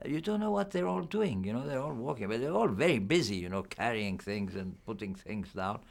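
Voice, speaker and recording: A man's voice: mid-range voice, animated, fairly quick, creaky. An older man, a film actor, giving a candid, reflective press interview.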